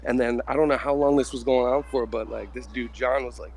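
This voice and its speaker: A man's voice: medium pitch, little pitch movement, quick pace, vocal fry, a little mellow, slight background noise. A young man telling a long story in casual group chat, rambling with lots of "like" and swearing. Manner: rambling, heavy use of "like" and swearing.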